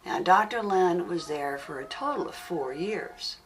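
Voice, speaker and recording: Low, slow-speaking woman teacher. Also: expressive, slight background noise. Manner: earnest storytelling, stressing and repeating key words. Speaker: spiritual teacher. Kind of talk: spoken teaching on an audio CD. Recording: distant mic with music underneath.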